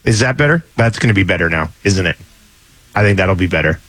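A man's voice: deep voice, animated, fast talker, fairly bright tone, no room sound. A man hosting a sports talk radio show, bantering loosely and joking as he fixes his studio mic live. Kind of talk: casual on-air banter. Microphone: studio microphone.

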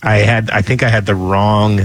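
A man's voice: lowish voice, flat delivery, moderate pace, gravelly. A man hosting a sports talk radio show, bantering loosely and joking as he fixes his studio mic live. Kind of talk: casual on-air banter. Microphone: studio microphone.

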